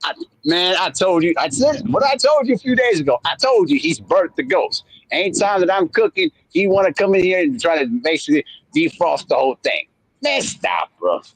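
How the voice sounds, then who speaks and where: Husky higher-voiced guy ribbing someone on a sports stream, bouncy delivery. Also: sing-song, fairly quick, no echo. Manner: teasing, exasperated, playful. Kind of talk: casual sports chat.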